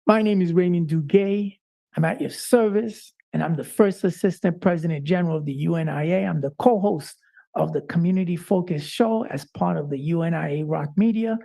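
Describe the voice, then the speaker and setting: Husky man doing a live show monologue, mellow and low-key tone but fired up, keeps saying uh. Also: brisk. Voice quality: frequent "uh" fillers. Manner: impassioned, preacher-like delivery. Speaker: talk show co-host.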